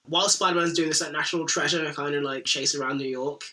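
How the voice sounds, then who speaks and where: Recapping a cartoon episode on a podcast, this male co-host speaks quickly in a high voice. He keeps it casual and animated, voicing characters' lines and cursing plenty.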